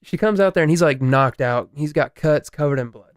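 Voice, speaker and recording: Animated young man retelling a story. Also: a little high, a little fast, no echo, clean studio sound. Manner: animated, swearing, laughing, many restarts. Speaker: podcast co-host. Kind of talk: casual chat, retelling a true crime story.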